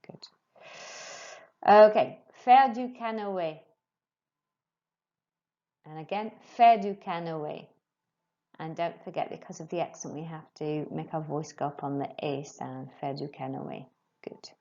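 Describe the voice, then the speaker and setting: A woman teaching a French lesson to pupils, slowly and clearly modelling phrases for them to repeat. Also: low voice, mellow, highs cut off. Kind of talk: recorded remote lesson.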